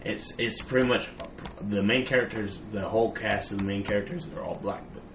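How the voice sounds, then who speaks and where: A man chatting casually on a podcast, relaxed and swearing casually. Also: on the low side, fairly quick, roomy sound, noisy background.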